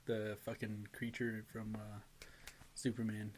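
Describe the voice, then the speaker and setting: A man's voice: fairly low pitch, completely flat delivery, unhurried, darkish tone, a little hiss or hum. A young man co-hosting a casual podcast chat, telling stories animatedly, laughing often and swearing freely. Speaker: podcast co-host.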